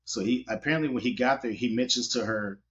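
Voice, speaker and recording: Fast-talking man, animated storyteller. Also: mid-range voice. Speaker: wedding photographer guest. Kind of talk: casual storytelling interview. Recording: dull lo-fi audio.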